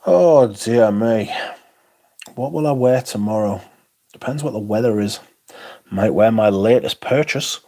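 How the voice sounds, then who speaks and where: A man's voice: fairly low pitch, a little slow, long pauses, dark tone. A man hosting a livestream, casually chatting and reading out viewer comments in a rambling way at home. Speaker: livestream host reading chat. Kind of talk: casual chat. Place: home room.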